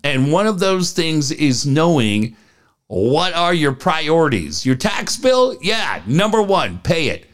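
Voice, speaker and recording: Animated, profane talk-radio man. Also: fairly high pitch, slow pace. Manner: profane, animated storytelling rants. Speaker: radio co-host. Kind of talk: casual talk radio with live ad reads.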